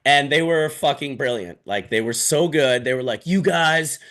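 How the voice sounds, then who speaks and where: A man's voice: mid-range voice, normal speed. A man hosting a casual show, joking and swearing freely as he chats with guests. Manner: animated, joking, swears a lot. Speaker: host. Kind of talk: casual chat.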